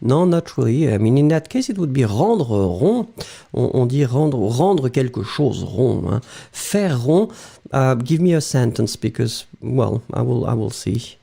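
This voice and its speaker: French guy teaching online, patient, pitch bouncing all over, kinda warm dark tone. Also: big pitch swings, unhurried, gravelly, slightly rough. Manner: explains patiently, greets viewers by name, switches between English and French. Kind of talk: live online language lesson.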